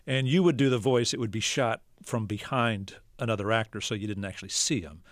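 A man hosting an interview, setting up clips in a measured, explanatory way. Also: lowish voice, dry recording, studio quality. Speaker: host.

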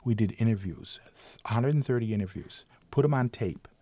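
In this interview clip, a retired umpire, now an older man, recounts baseball anecdotes with self-deprecating humor, throwing his voice widely to impersonate those he quotes. He talks fairly quickly in a warm, mid-range voice, with no room sound in the recording.

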